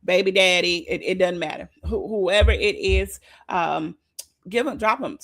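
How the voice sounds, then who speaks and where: Woman preaching casual-like, husky voice, keeps repeating herself for emphasis. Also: lowish voice, measured pace, fairly bright tone. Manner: repetitive, emphatic, conversational preaching. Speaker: speaker leading a devotional talk. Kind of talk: informal sermon.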